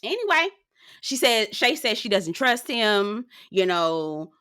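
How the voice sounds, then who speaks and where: Sassy, bright-voiced woman recapping reality TV. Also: takes it slowly, clean tone, no room sound, clean studio sound. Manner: sassy, animated storytelling, swings pitch for emphasis. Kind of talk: casual recap commentary.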